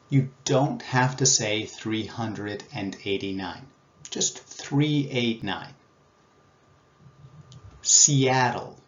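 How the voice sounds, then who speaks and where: A man's voice: medium pitch, roomy sound, highs cut off. A man teaching English, explaining a speaking test and reading model passages aloud with careful stress on key words. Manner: slow, deliberate modeling of word stress.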